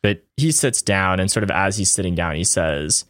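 Calm man running a tabletop game. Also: low voice, moderate pace, few pauses, no echo, studio quality. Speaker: game master.

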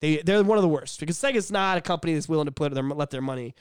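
A man co-hosting a casual podcast, telling stories in an excited, rambling way and swearing freely. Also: fairly high pitch, racing, clean tone, no echo, studio quality. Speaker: podcast co-host. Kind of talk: casual chat.

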